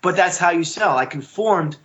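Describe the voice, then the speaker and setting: A man talking as a podcast guest and telling stories with animation, often jumping into high voices for quotes. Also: animated, normal speed, a bit bright, muffled recording. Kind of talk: casual chat.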